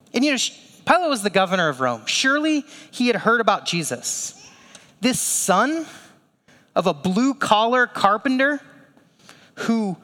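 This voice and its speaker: A man with a high, light voice preaches a sermon, talking to the congregation in a casual, conversational way and tossing in rhetorical questions. His words ring out with a long reverb, as in a church hall. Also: bright, forceful tone. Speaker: pastor.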